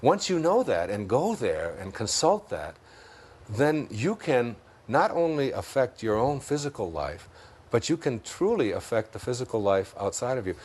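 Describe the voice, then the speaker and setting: A man with a Detroit accent talks through spiritual ideas in a relaxed interview. His voice is mid-pitched, and he tells little stories, chuckles often and slows down when he lands a point. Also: husky. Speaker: interview guest. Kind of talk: reflective spiritual conversation.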